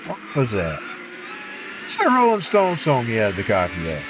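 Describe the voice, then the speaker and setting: A man chatting casually on a livestream, rambling and pausing to recall details. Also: medium pitch, huge pitch swings. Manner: rambling, folksy, trails off to recall things. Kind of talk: casual chat between singing. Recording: noisy background.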